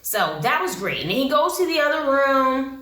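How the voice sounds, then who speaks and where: Animated blunt woman vlogging in an echoey room. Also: sits high, normal speed. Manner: animated, blunt and opinionated, slangy. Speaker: YouTube reality-TV reviewer. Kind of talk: casual vlog commentary.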